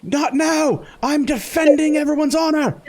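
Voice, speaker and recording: A man voicing a jittery, fussy passenger who mutters to himself and breaks into shrill yelps. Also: a little slow, breathy edge, heavily acted. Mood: frantic. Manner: excitable, shrill, jumps into yelps and shouts.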